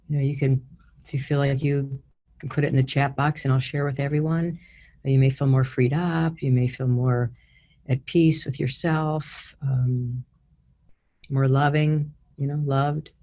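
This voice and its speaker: A woman leading a guided healing exercise over a video call, giving slow, soothing instructions. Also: deep voice, warm tone. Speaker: guided healing session leader.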